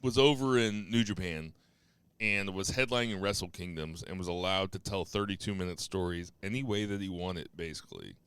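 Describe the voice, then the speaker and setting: A man co-hosting a casual podcast, teasing his partner and pushing him with blunt, profane questions. His voice is bright and smooth, recorded close and dry on a studio mic. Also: low-pitched, moderate pace, no room sound. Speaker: podcast co-host. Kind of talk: casual wrestling podcast chat.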